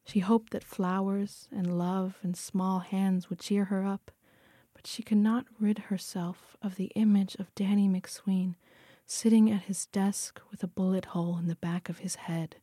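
A woman narrating a story aloud in a quiet, hushed voice that often sinks to a whisper. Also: mid-range voice, level tone, measured pace, slightly rough, no room sound, clean studio sound. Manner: hushed, frequently dropping to a whisper. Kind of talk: audiobook reading.

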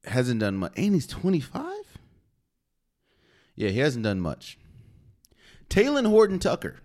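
A man's voice: mid-range voice, wildly swooping pitch, measured pace, darkish tone. A man hosting a solo sports podcast, talking casually and opinionated, with slang and rhetorical questions. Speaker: podcast host.

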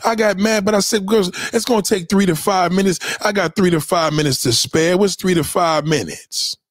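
A man's voice: sits high, normal speed, no echo. Heated, cursing male livestreamer. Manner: heated, preachy, swears constantly, repeats himself. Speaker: livestream host. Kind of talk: profane motivational rant. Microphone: home webcam mic.

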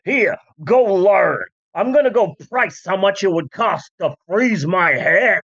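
Podcaster doing a slangy 1930s big-shot boss voice, slow drawl, kinda muffled audio. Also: mid-range voice, animated, creaky, a bit bright, breathy edge, dry recording, exaggerated voice. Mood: breezy. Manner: brassy slang-heavy patter, slowed and drawled. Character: old-timey 1930s studio boss, brash wisecracking man.

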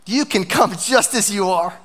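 A man's voice: high-pitched, normal speed, a bit bright, in a large hall. A man preaching a sermon as pastor, passionate and emphatic, in a church sanctuary.

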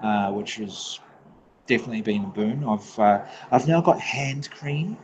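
Low-voiced New Zealand man chatting. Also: expressive, muffled recording, noisy background. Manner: laughs often, swears freely, halting restarts. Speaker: podcast guest. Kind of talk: casual podcast chat.

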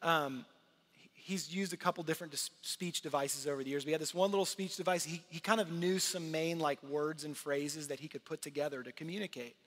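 Pastor, middle-aged man, high voice, earnest conversational sermon, long hall reverb. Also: fairly even intonation, a little fast, fairly bright tone. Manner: earnest, conversational preaching with repeated restarts.

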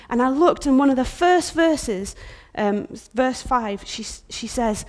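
Impassioned woman preaching, high-pitched voice. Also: lively intonation, unhurried, few pauses. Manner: impassioned, dramatic, swings from loud outbursts to hushed whispers when quoting. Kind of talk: sermon.

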